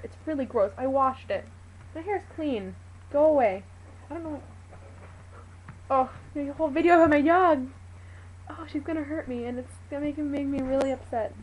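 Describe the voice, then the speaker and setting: A woman's voice: high-pitched, a little mellow, a little hiss or hum, poor audio. A woman vlogging to her webcam at home, rambling and chatty, exasperated with her pet. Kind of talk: casual talk to a webcam.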